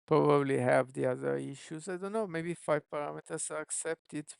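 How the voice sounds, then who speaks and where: An app developer thinking aloud during a live coding stream, musing and questioning themselves in an unhurried way. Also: medium pitch, gravelly, smooth, dry recording, studio quality.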